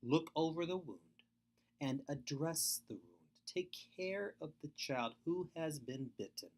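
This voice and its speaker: Earnest man giving a lively webinar talk. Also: fairly high pitch, a little slow. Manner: earnest, emphatic, repeats points. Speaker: foster care speaker. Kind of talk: webinar lecture.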